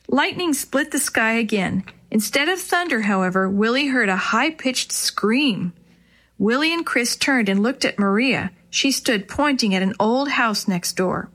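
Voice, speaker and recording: A woman narrating a children's storybook chapter in a clear, expressive way. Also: a little high, measured pace. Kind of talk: storybook reading.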